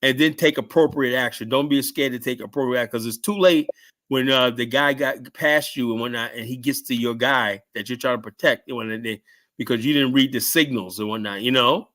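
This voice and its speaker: A man's voice: medium pitch, a little fast. A middle-aged man telling stories in a casual podcast chat, rambling, tagging "right?" and "whatnot" onto his lines. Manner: rambling storyteller, keeps adding "right?" and "whatnot", shouts out quoted lines. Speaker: guest telling security stories.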